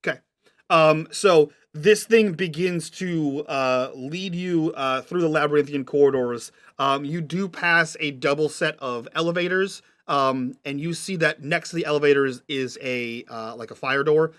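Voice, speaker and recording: A man's voice: on the high side, a little slow, a bit bright. A man narrating a tabletop game as game master, describing scenes patiently and checking what the players mean.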